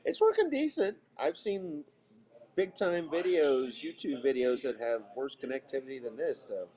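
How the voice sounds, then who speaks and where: A man's voice: mid-range voice, lively intonation, moderate pace, darkish tone. A man co-hosting a casual remote podcast, chatty and storytelling, from Florida. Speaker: podcast co-host. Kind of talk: casual chat.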